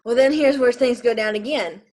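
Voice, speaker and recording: A woman's voice: on the high side, normal speed, darkish tone. A young woman in her twenties from Arizona tells her own story to the camera in a rambling, emotional way, with many fillers and restarts. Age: 20s. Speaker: vlogger telling her birth story.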